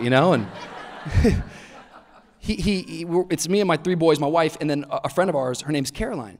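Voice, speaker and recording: A man in his thirties preaching a sermon in a church, an animated storyteller who acts out voices and laughs often. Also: on the high side, brisk. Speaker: pastor. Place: church auditorium. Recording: large hall reverb.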